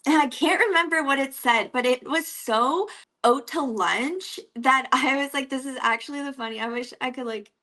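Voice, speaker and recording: A woman's voice: sits high, normal speed, sharp tone. A young woman from Canada with an East Coast accent, chatting casually as an interview guest, giggling often and using many "like" fillers.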